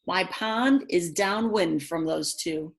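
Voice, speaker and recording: A woman doing a slow, sniffy storybook duck. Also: lowish voice. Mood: disdainful. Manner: slow, drawn-out, disdainful.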